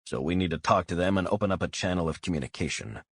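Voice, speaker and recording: Voicing a hot-headed, blunt operative, a male narrator speaks fast with lively, exaggerated intonation, profane and forceful in a low, husky tone. The close, dry recording has no room sound.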